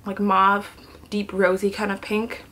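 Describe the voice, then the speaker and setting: A woman's voice: mid-range voice, completely flat delivery, measured pace. Chatty woman swatching lipsticks at home. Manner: chatty, thinks aloud, often drops to soft murmurs and whispers. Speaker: beauty vlogger. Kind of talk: casual product swatching vlog. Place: indoors at home, sitting on the floor.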